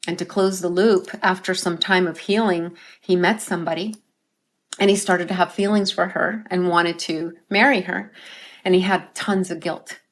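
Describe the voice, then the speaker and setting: A woman's voice: on the low side, fairly even intonation, normal speed. A woman life coach, a guest on an interview show, telling stories earnestly and often ending her points with a tag question. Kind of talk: conversational interview storytelling.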